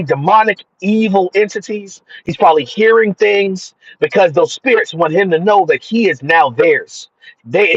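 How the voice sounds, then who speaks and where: A man's voice: high-pitched, breathy edge, no echo. A man giving an emphatic, repetitive religious monologue about spirits. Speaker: spiritual commentator. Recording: dull dry lo-fi sound.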